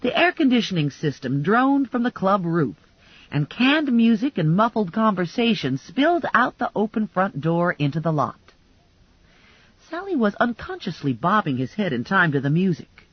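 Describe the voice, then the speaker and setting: Female narrator, husky, dry close mic with dull lo-fi sound; wry, lively comic storytelling. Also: medium pitch, moderate pace, dry recording. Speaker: audiobook narrator. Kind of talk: first-person audiobook narration.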